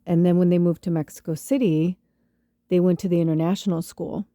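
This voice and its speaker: A woman from the Chicago suburbs in the US Midwest hosts a spiritual medium podcast, telling a rambling story peppered with profanity, fillers, and laughs. Her lowish, mellow voice stays steady and runs a little fast. The recording is dry, with clean studio sound.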